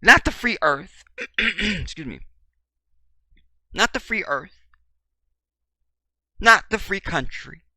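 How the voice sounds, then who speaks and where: A man delivers a preachy commentary monologue with a lively, rising and falling voice. He hammers his points through repetition, jumping from near-shouts down to low murmurs. His tone is bright and forceful, and the recording is dry. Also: slow, pauses often, no echo. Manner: swings from loud to very quiet. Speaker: commentary channel host.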